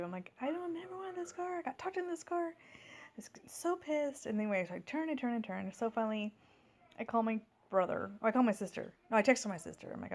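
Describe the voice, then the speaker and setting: A woman's voice: mid-range voice, gravelly, a little mellow. A woman in her thirties telling a long everyday story in a casual vlog at home, rambling with many fillers and restarts. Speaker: vlogger.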